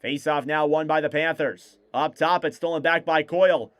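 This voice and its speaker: A man calling live hockey play-by-play on a fan stream, in rapid clipped play calls that rise on shots. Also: on the high side, steady tone, clean tone. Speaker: play-by-play commentator.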